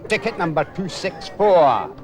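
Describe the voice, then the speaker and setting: A loud, high-voiced bookie. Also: male voice, big pitch swings. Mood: calling. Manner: loud, rapid calling out of bets. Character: loud male bookie calling bets. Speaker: bookmaker's clerk. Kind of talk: 1990s TV drama acting.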